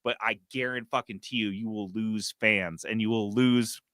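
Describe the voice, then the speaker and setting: Bright-voiced ranting podcast host. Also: male voice, on the low side, normal speed, dry recording, clean studio sound. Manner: animated, swearing, ranting. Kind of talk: casual gaming news chat.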